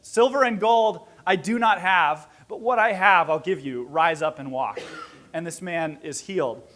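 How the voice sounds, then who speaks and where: A man giving an inspirational talk to a gathering, telling a story with lively acted-out dialogue and laughing at himself. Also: sits high, a little slow, slight background noise. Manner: animated, acts out quoted dialogue, laughs at own story. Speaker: speaker at a gathering.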